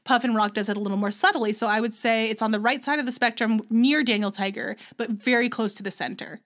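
Young woman podcast cohost, kinda high voice, rambly casual chat, lots of restarts. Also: a bit bright. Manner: chatty, restarts often, slips into quick character voices. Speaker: podcast co-host.

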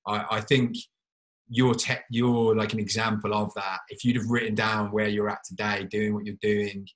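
A man with a somewhat low voice, hosting a podcast interview. He rambles a little, in an earnest and encouraging tone, and drifts between thoughts as he speaks. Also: flat delivery, normal speed, low-quality recording. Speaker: podcast host. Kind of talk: casual interview chat.

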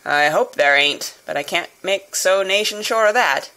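A woman voicing a gruff, wary male coach guard who growls and shouts commands in an audiobook reading. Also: mid-range voice, lively intonation, normal speed, rough recording. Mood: grumbling. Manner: loud, barking commands. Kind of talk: audiobook character voice.

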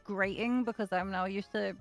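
A woman's voice: medium pitch, steady tone, moderate pace, soft background music. A woman with a mild Liverpool accent, a guest chatting casually with lots of restarts and casual swearing. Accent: mild Liverpool English. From Liverpool, England. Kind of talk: casual chat.

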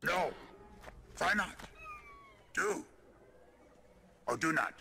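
An actor playing an ancient, tiny male creature master, patient and stern, with a gravelly, creaky voice who speaks with inverted word order in a film clip. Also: fairly high pitch, lively intonation, very slow, bright, forceful tone, slight background noise, full character voice. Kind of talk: film clip played on a stream.

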